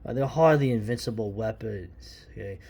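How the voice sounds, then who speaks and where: A man's voice: fairly low pitch, moderate pace, gravelly, warm tone, husky. A man in his fifties from New York, giving casual, rambling and opinionated commentary while paging through an old comic. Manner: rambling, opinionated, many restarts and asides. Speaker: comic book reviewer.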